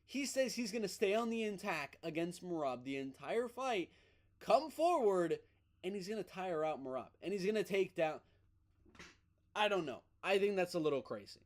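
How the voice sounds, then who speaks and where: A man with a noticeably high-pitched voice delivers casual fight news commentary. He talks with excited, emphatic opinions and doubles back on his words to drive a point home. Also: moderate pace. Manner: excited, emphatic, repeats himself. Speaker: MMA news host.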